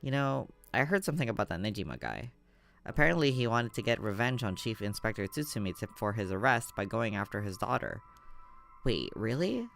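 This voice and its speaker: A man voicing a calm private investigator. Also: lowish voice, creaky, faint music behind, full character voice. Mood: measured. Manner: measured, polite.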